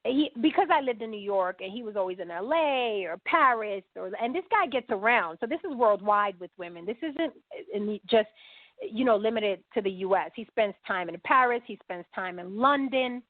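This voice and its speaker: A woman's voice: mid-range voice, moderate pace, no room sound. Woman guest, storyteller who acts out every quote, thin phone-like sound, dry. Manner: animated storyteller acting out quoted dialogue. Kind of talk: podcast interview storytelling.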